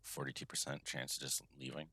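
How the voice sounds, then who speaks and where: A man's voice: extremely low pitch, monotone, fairly quick, gravelly, noisy background. A man streaming a detective game, reading along with laid-back, amused asides. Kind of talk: casual game commentary.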